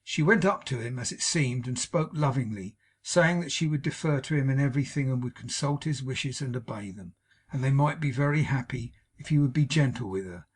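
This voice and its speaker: A man narrating a classic novel as an audiobook in a measured, solemn reading. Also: medium pitch, breathy edge.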